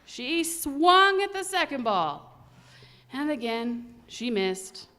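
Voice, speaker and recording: A woman reading a children's story aloud at a church service, animated and expressive. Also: high-pitched, slow.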